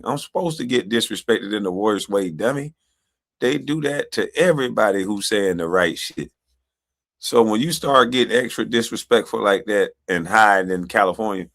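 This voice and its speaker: A man's voice: sits low, fairly bright tone. A man streaming commentary on video clips, taunting and dismissive. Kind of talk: casual reaction commentary.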